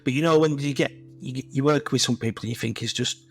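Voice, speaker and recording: A middle-aged tiler from Leeds, England, with a Yorkshire accent, is a guest on a casual podcast, telling rambling, blunt stories laced with swearing. He talks fairly quickly in a medium-pitched voice, with faint music behind.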